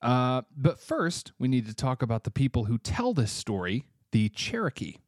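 A man's voice: mid-range voice, sing-song, moderate pace, a little mellow, no room sound, clean studio sound. A man from Tennessee, hosting a casual solo podcast with offhand, chatty asides, a bit congested. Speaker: podcast host.

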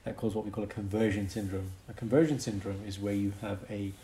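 A young man with a lowish voice co-hosts a relaxed podcast. He explains medical topics with lively, animated energy. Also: fast, a little hiss or hum. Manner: explanatory, animated, breaks into mock accents for fun. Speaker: podcast co-host, doctor. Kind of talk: casual podcast chat.

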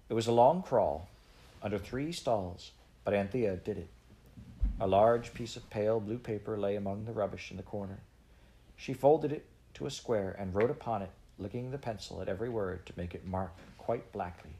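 A man narrating a storybook aloud in a measured way, with small slips. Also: lowish voice, dark tone. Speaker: audiobook reader.

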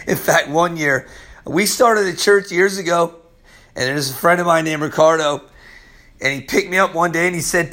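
A man's voice: on the high side, moderate pace, bright, forceful tone. A male pastor with a weather-strained voice gives a casual Bible-study sermon, chatty and loose, often dropping "man".

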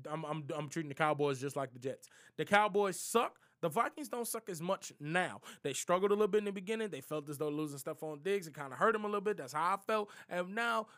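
Young guy, high-pitched, slangy NFL picks vlogger, playful trash talk. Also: a bit bright. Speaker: sports prediction vlogger. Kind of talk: casual NFL picks monologue.

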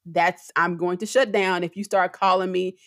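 Woman, podcast co-host, middle-aged, expressive, voice climbs when excited, lower pitch. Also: moderate pace, no room sound, clean studio sound. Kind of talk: casual conversation.

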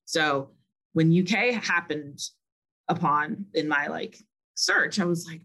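A young woman from Massachusetts, a podcast guest telling stories in a chatty, animated, friendly way. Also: on the low side, normal speed. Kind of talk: casual podcast interview.

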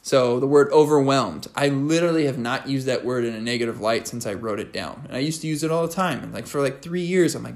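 A young man hosting a podcast, talking in a casual, energetic, rambling way with lots of "like" fillers. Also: medium pitch, quick pace, few pauses. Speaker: podcast host. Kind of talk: casual motivational monologue.

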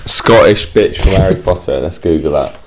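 A man's voice: low-pitched, normal speed, slight background noise. A man co-hosting a podcast, chatting loosely and crudely with plenty of swearing. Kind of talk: casual chat.

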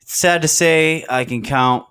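A man's voice: on the high side, measured pace, a bit bright, smooth. A man hosting a podcast, chatting casually and teasing his guest with jokes. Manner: joking, teasing. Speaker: podcast host.

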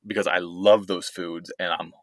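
A man in his thirties talks in a relaxed, rambling way on a podcast. His voice sits low but has a bright, forward edge. The sound is dry and close to the mic. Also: moderate pace, dry recording. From United States. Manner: easygoing, rambling, restarts often. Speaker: podcast co-host. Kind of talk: casual family chat.

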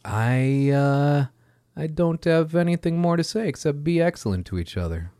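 A man's voice: fairly high pitch, lively intonation, moderate pace, mellow, dry recording. Male podcast host, easygoing and jokey, dry close recording. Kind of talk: casual podcast chat and sign-off.

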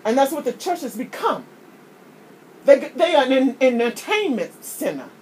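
A woman's voice: sits high, sing-song, moderate pace, a little mellow, slight background noise. A woman preaching, often repeating words as she builds a point. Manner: impassioned, preachy, repeats words when starting a thought. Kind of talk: sermon.

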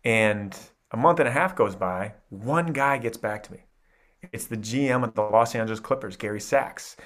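A man in his thirties from Iowa, telling his life story as a podcast guest in an animated, energetic way. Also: lowish voice, normal speed. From Iowa, USA. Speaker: podcast guest, mindset coach. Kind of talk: storytelling interview.

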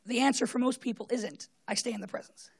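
Woman, preacher, sermon, husky, fairly high voice, storytelling, loud-to-hushed swings. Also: fast talker.

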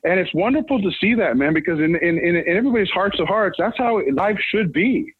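A man's voice: high-pitched, brisk, breathy edge, no echo. A man from Brooklyn, telling rambling stories in a casual chat, restarting his sentences often. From Brooklyn, New York. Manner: rambling, animated storyteller with many restarts. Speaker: guest. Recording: tinny phone-like line, dry.

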